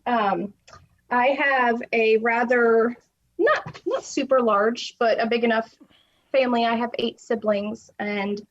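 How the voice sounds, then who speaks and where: Rambling chatty woman on a podcast, higher voice, kinda dull lo-fi mic. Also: slow, a little hiss or hum. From US South. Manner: chatty, rambling, laughs often. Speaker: podcast guest. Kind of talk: casual podcast chat. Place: home.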